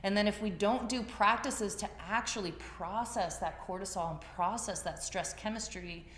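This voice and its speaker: A woman's voice: medium pitch, moderate pace, a bit bright, a little hiss or hum. A woman teaching a yoga class, talking to the group in a conversational storytelling way. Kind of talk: class talk. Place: class room. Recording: echoey room, faint ambience.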